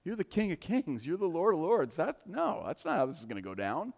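A preacher acting out an adamant protesting disciple. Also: male voice, huge pitch swings, gravelly, darkish tone, exaggerated voice. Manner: insistent, rapid denials, raised pitch. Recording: long reverb of a large hall.

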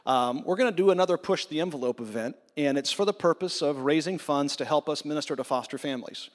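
A man's voice: on the high side, fast, long reverb tail. A male pastor giving informal church announcements in a friendly way. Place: church sanctuary.

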